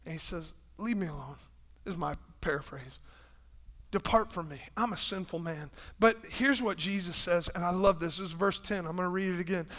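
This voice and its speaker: A male pastor preaching a sermon with passion, shifting between loud, shouted lines and hushed, quiet ones, and acting out quoted voices as he goes. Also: sits high. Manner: impassioned, swings from loud preaching to hushed tones. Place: church.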